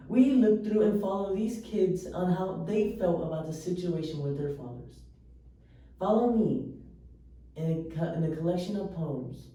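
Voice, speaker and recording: A woman giving an earnest, emotional poetry recitation with slow pauses. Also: on the low side, mellow. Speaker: poetry reader. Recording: echoey room, voice far from mic.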